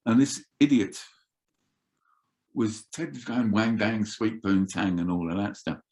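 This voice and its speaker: An older man telling roadie stories in an animated, swearing way as an interview guest. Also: on the low side, a little slow. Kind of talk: casual storytelling.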